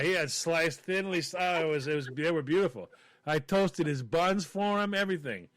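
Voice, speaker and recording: A man chatting casually, telling a story with lively acted-out quotes. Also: fairly high pitch, normal speed, dry recording. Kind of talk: casual chat.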